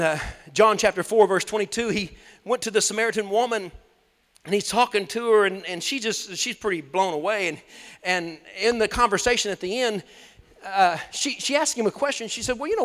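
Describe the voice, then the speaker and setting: A high-voiced man delivers a sermon with animated swings from loud to hushed. His voice rings with the long echo of a large church hall. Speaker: preacher.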